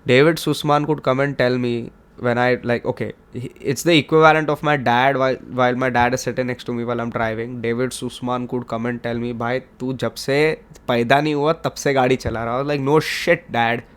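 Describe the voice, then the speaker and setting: A man's voice: medium pitch, level tone, very fast, hardly any pauses, clear, resonant tone. A man in his twenties with an Indian accent, hosting his podcast in a hyped, rambling, joking way. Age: 20s. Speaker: podcast host. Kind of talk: casual solo podcast chat.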